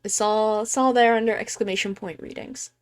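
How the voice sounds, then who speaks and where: A woman streamer chats casually during a live stream while giving tarot readings, joking about herself and swearing freely. Her mid-range voice is soft and quiet, almost ASMR, close to the mic, with fairly even intonation and a fairly quick pace.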